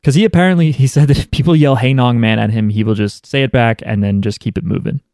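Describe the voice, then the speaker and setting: A man co-hosting a podcast, chatting casually with quick, wry asides. His voice is at an ordinary middle pitch. The sound is dry and close, with no room around it. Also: a little mellow, dry recording. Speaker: podcast co-host. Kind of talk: casual chat.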